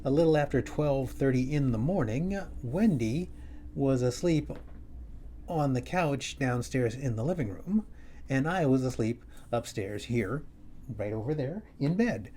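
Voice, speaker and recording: Mellow-voiced man telling a wry story. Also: medium pitch, animated, a little slow, a little hiss or hum. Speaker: comedian and host. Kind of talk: storytelling monologue. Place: his home, upstairs.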